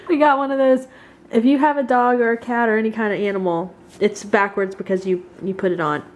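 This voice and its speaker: At home in front of her camera, a woman vlogger tells a story in a rambling, emotional, giggly way. Her voice runs on the high side and fairly quick.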